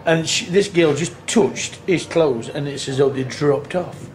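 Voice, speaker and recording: This man's voice sits on the high side and he takes his time. A tribute band singer, he spins a loose, earthy story, swearing and acting out quotes, all in a noisy on-location recording.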